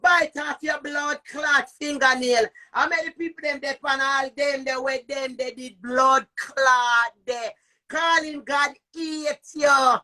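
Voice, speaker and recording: A middle-aged Jamaican woman rants on a phone stream, her voice high and cutting. She shouts, curses and repeats her taunts without pause. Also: steady tone. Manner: cursing, shouting, repetitive taunts. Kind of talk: heated live-stream rant.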